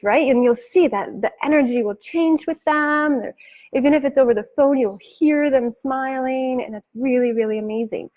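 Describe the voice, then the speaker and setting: Animated chatty woman business coach. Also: sits high, rough recording. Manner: chatty and animated, acts out client quotes, laughs often. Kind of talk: live-streamed coaching talk.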